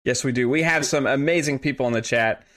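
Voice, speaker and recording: A man's voice: medium pitch, fast, a bit bright. Playful male podcast host. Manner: playful, joking, many fillers. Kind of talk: casual podcast chat. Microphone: online call setup.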